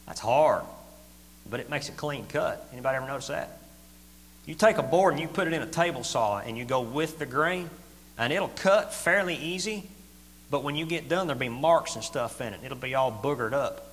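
A middle-aged man preaching a sermon in a folksy, plain-spoken way, swinging from loud to quiet. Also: mid-range voice. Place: church hall. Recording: echoey hall with faint hum.

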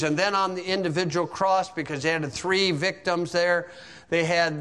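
Male preacher, vivid dramatic storyteller, sharp bright tone, long hall reverb. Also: a little high, fairly even intonation, normal speed, clear, resonant tone. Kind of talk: sermon.

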